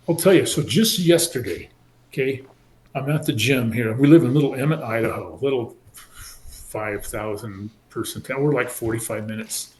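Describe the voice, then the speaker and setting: A man in his sixties from California, a former football player telling his story in an animated way and acting out the people he quotes. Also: mid-range voice, normal speed, slight background noise. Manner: animated, acts out quoted voices. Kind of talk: casual storytelling interview. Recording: roomy echo.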